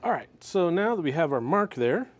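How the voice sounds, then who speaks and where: A man talking through a guitar repair step by step in his workshop, relaxed and methodical as he works with his hands. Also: a little high, moderate pace. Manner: relaxed, methodical, talks while working with hands. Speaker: luthier demonstrating a repair.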